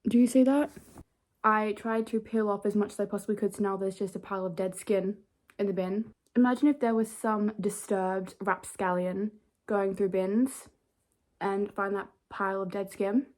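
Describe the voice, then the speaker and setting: A woman's voice: medium pitch, steady tone, moderate pace, a little mellow. A young woman in a casual bedtime vlog, chatting playfully and poking fun at herself. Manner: chatty, playful, self-mocking. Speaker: vlogger. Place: bedroom at home.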